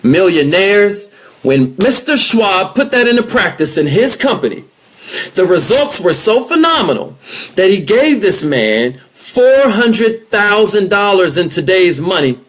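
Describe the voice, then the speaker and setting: Energetic male motivational speaker, lively pitch. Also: measured pace. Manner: energetic, emphatic, coaching listeners directly. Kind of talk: motivational talk.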